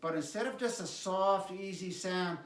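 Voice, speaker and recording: A man teaching qigong, calmly cueing stretches and breathing sounds with repeated prompts. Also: sits high, moderate pace, slight background noise. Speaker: qigong instructor. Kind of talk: guided exercise instruction. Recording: echoey room, mic at a distance.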